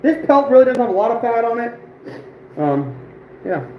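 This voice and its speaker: A man in his twenties hosting an outdoors livestream, telling stories with a voice that is going hoarse, animated and emphatic, repeating phrases for punch. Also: very high-pitched, normal speed, roomy sound, dull audio, slight background noise. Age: 20s. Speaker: outdoors channel host. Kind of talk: livestream storytelling.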